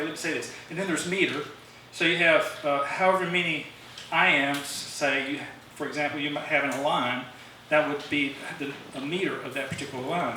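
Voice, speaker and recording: A man's voice: fairly high pitch, sharp tone. A man giving an informal songwriting talk at a club meeting, rambling with fillers and restarts, recorded from a distance in a meeting room. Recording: very echoey room, distant mic, faint hiss.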